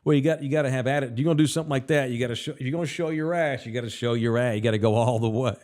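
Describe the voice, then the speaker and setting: A Texas sports radio host, a man with a medium-pitched, darkish voice, talks at a racing clip. He rants bluntly and heatedly, swearing as he reads out listener comments in casual, opinionated sports talk.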